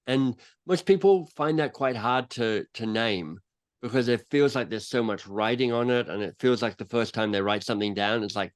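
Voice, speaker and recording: A man with a mid-range voice and moderate pace is interviewed on a podcast as a guest author and coach. His storytelling is animated, and he acts out small quotes along the way.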